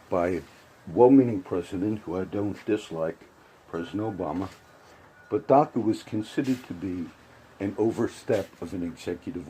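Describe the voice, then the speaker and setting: A man's voice: on the low side, mellow, a little hiss or hum, low-quality recording. A man giving a casual, rambling spoken commentary with frequent restarts and asides. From grew up around Puerto Rican and Cuban friends.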